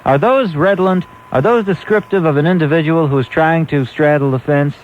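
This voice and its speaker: A man's voice: fairly high pitch, a little fast. A man from Brooklyn hosting a late-night call-in radio show, sardonic, wordy and testy with callers. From Brooklyn, New York. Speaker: radio talk show host. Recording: muffled AM radio broadcast with faint hiss.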